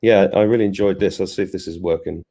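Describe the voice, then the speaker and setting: Chatty low-voiced man on a live stream. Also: fairly even intonation, fast talker, warm tone. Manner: chatty, joking asides, rambling restarts. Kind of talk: casual live-stream chat, reading out viewer comments.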